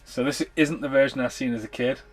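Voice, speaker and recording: A man's voice: mid-range voice, steady tone, a little fast, soft background music. A man hosting a movie commentary podcast, talking over the film in a blunt, sweary, casual way. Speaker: podcast host.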